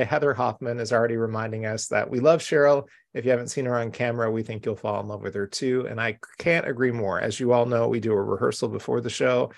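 A man's voice: medium pitch, creaky. A man hosting a live-streamed craft show from home, chatty, upbeat and welcoming. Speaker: host.

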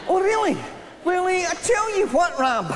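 A whiny, self-pitying Glaswegian loser. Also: male voice, very high-pitched, big pitch swings, normal speed, heavy background noise. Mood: defensive. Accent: Glaswegian Scottish. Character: self-pitying, down-at-heel separated man. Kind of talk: live stage sitcom performance. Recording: reverberant live theatre stage.

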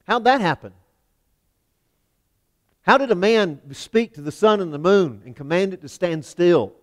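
A man preaching a sermon in a church, emphatic, swinging from loud declarations to hushed lines. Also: high voice, animated, measured pace. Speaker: pastor. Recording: long hall reverb.

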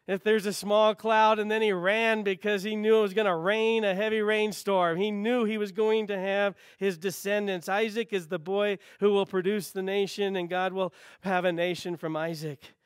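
A man's voice: high-pitched, fairly bright tone, smooth, no echo, clean studio sound. A man pastor preaching a sermon, earnest and repetitive for emphasis, quoting scripture and sometimes dropping to a near whisper. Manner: earnest, repeats phrases for emphasis, quotes scripture, drops to near whisper at times.

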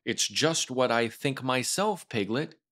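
A man reading a storybook aloud and voicing a gentle, slow-witted male teddy bear with a solemn, ponderous manner. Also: mid-range voice, lively intonation.

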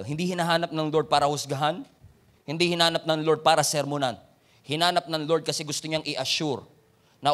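A man with a Filipino accent delivering a sermon, his voice sitting noticeably high for a man. He speaks in a conversational way, often asking the listeners questions and urging them on. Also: steady tone, fast, fairly bright tone. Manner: conversational preaching with rhetorical questions and exhortations. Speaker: preacher.

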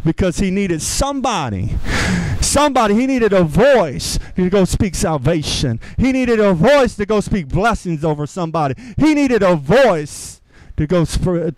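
Pastor guy preaching, really high voice, keeps asking "amen?", super dry close sound. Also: a little mellow, no echo, low-quality recording. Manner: repetitive rhetorical questions, calls for amen; informal grammar, earnest preaching. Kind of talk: sermon.

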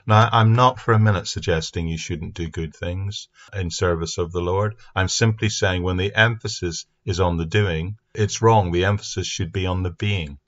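A man teaching a Bible passage on his podcast in an earnest, steady way. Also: low voice, highs cut off. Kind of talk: recorded Bible study podcast. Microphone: speaking into a mic.

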